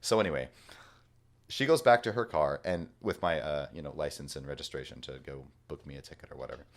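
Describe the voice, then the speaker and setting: Deep-voiced man telling a story. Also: a little fast. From Washington state, US. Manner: animated, acts out people's lines in the story. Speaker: podcast co-host. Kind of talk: casual storytelling.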